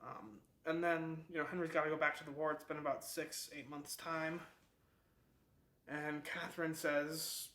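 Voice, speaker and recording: A man's voice: on the high side, little pitch movement, moderate pace, bright, forceful tone, echoey room. A man hosting a book club, giving a casual, rambling summary of a novel with many fillers and restarts.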